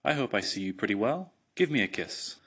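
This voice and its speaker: A man doing a brisk old fairy godmother. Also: lowish voice, big pitch swings, slightly rough, exaggerated voice. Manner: sharp and brisk. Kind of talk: storybook reading.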